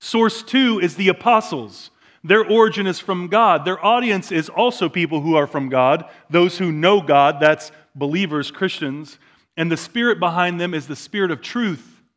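A man pastor preaching a sermon in a church, moving between quiet, slow asides and loud, emphatic declarations. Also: high voice. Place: church sanctuary.

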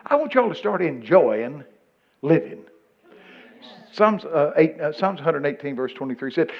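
An older man preaching a folksy sermon full of stories, breaking into loud excited bursts. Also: mid-range voice, normal speed. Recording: muffled lo-fi recording.

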